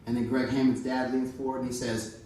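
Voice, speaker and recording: A man telling stories live on stage, animated and liberal with profanity, who keeps turning to the audience with asides. His voice sits at an average pitch and is picked up from a distance in a very echoey venue. Audience noise is clearly audible behind him. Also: a little fast. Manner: animated, profane, playful, talks straight to the audience. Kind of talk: comedic live storytelling.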